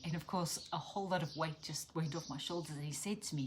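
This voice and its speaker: A woman giving an earnest, animated devotional teaching that keeps checking in with the listener and drops into soft, near-whispered asides. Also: deep voice, fast talker, hardly any pauses, a little hiss or hum. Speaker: Christian speaker and teacher.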